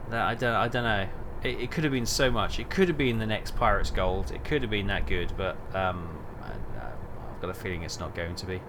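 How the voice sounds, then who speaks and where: A man's voice: fairly low pitch, animated, normal speed, vocal fry, few pauses, noisy background. A man streaming a trucking game, rambling and thinking aloud with lots of fillers. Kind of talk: casual gameplay chat.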